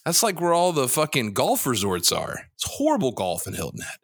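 A man's voice: mid-range voice, wildly swooping pitch, fairly quick, gravelly, slightly rough, dry recording, studio quality. A man co-hosting a casual sports betting podcast, loose and profane, teasing his partner and jumping between topics. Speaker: podcast co-host.

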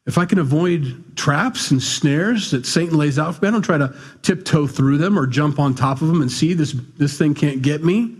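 A middle-aged male pastor preaching a conversational, animated sermon with asides. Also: on the high side, moderate pace, hardly any pauses, husky.

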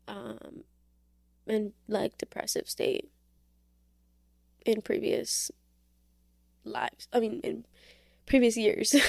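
A woman's voice: fairly high pitch, vocal fry, darkish tone, no room sound, clean studio sound. A young woman hosting a casual Christian podcast, talking earnestly with lots of fillers. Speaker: podcast host. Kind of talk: casual faith talk.

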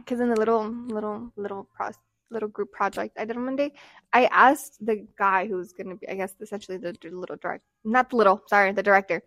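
A young woman co-hosting a podcast in casual chat, animated and chatty, laughing often and swinging quickly between loud and soft. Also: mid-range voice, dry recording. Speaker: podcast co-host.

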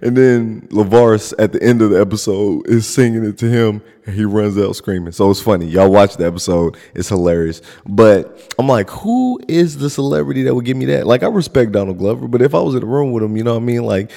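Young guy, low and gravelly, animated casual storyteller, long reverb in the room. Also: fairly quick, hardly any pauses. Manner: animated storyteller, breaks into laughter and loud retellings. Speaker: podcast co-host. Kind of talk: casual chat.

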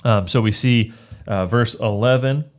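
A man's voice: mid-range voice, a little slow. A man, a pastor, talking through a book of the Bible in a casual discussion, earnest and often restarting his phrases as he reads verses aloud.

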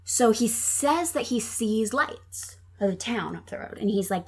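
Chatty husky-voiced woman. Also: fairly high pitch, expressive, a little slow. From Minnesota. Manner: chatty, many ums and likes. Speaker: podcast guest telling a true crime case. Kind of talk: casual storytelling chat.

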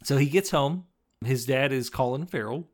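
A man co-hosting a podcast, casually recapping a film and acting out quoted lines in quick put-on voices. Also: mid-range voice. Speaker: podcast co-host.

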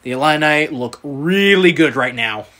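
A man's voice: on the high side, expressive, a little slow, bright, forceful tone. A man with a Southern US accent hosting a casual sports podcast, reading out matchups and bantering. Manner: reads out matchups, then banters. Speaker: podcast host.

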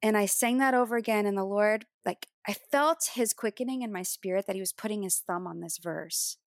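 A woman's voice: medium pitch, brisk, dry recording, studio quality. Earnest woman telling a personal testimony. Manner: earnest storytelling, acting out remembered dialogue. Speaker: worship leader, interview guest. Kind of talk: personal testimony in a podcast interview.

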